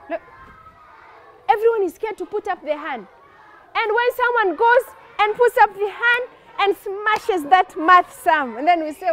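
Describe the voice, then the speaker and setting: A woman telling a story to children in an animated, expressive, playful way. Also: very high-pitched.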